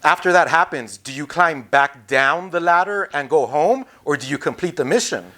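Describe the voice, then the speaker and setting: A man's voice: fairly high pitch, expressive, moderate pace, bright, forceful tone. A man interviewing a guest, asking short, curious, direct questions.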